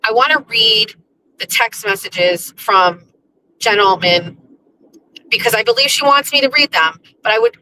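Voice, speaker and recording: Woman streaming from a car, bright voice, rambling casual chat, faint background noise. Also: on the high side, poor audio. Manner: chatty and rambling, with frequent restarts and laughs. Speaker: livestream host. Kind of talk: casual livestream chat while driving. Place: in a car on the road.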